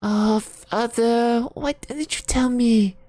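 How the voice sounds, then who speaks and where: A woman voicing a naive young daughter who speaks in a high, earnest, pleading way. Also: slow, mellow, no room sound, studio quality. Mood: anxious.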